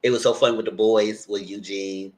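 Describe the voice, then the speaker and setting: A man's voice: on the low side, steady tone, fairly quick. Chatty man recapping with blunt asides. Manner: chatty, blunt, acts out what he told the cast. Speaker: commentary channel host. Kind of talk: casual livestream commentary.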